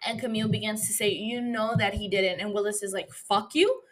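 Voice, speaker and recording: A woman podcast host recapping a TV episode in casual chat, reacting with lively, profane outbursts. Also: medium pitch, quick pace. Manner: animated, profane, gushing reactions.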